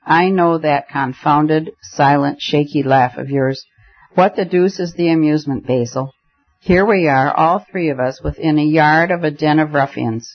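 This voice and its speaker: A man's voice: on the high side, measured pace, lo-fi sound. A man voicing an eager young man who plays detective, with dramatic, commanding speech.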